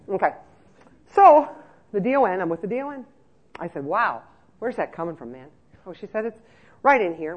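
A middle-aged woman giving a lively conference talk to care staff, telling stories and checking in with her listeners. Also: on the low side, husky. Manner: lively storyteller, checks in with "okay?" often. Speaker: speaker on nursing home care. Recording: muffled lo-fi recording.

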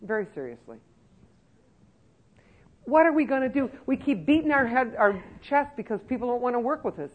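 A woman's voice: on the high side, sing-song, normal speed, pauses often, phone-quality sound. A woman giving a lecture to nursing-home staff, emphatic and conversational, with many rhetorical questions. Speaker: elder-care trainer.

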